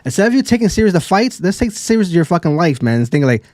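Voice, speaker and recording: A man's voice: fairly high pitch, lively intonation, fast talker, few pauses, a little mellow, no room sound. Man, casual anime chat, exasperated ranting, profane, dry close sound.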